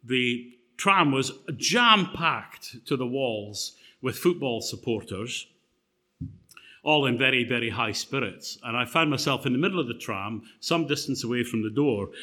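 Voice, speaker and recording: A middle-aged man delivers a sermon in a relaxed, conversational manner, often pausing on fillers and restarting his phrases. His voice is bright and forward, and his pitch sits in an ordinary middle range. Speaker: preacher. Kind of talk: sermon with personal story.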